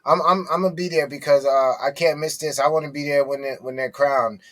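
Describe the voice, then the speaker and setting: A man co-hosting a podcast, excitable and hyped, often repeating himself. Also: a little high, fairly quick. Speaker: podcast co-host. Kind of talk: casual podcast chat.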